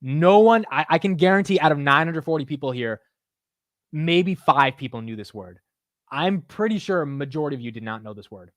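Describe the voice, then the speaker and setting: A man's voice: a little high, animated, a little fast, fairly bright tone, dry recording. A man hosting a live market stream, chatting loosely, joking at his own expense and saying "dude" a lot. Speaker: livestream market show host. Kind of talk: casual live-stream chat.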